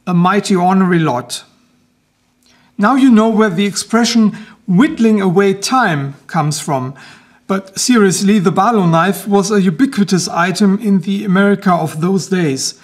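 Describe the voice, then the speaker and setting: A man with a German accent narrates a scripted review in a measured, lecture-like way. His voice sits high for a man, and he explains each point patiently and carefully. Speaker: knife reviewer and video host.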